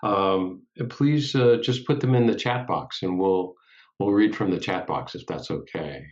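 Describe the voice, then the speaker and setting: Very low slow guy hosting an online talk, muffled lo-fi call audio. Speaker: interview host. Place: video call.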